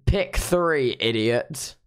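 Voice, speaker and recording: Man, livestreamer, sleep-deprived, playful teasing, slow drawn-out delivery. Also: mid-range voice, expressive, clear, resonant tone. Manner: playful, exaggerated reactions, teasing chat. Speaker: livestreamer reviewing unban requests. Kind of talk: casual livestream commentary.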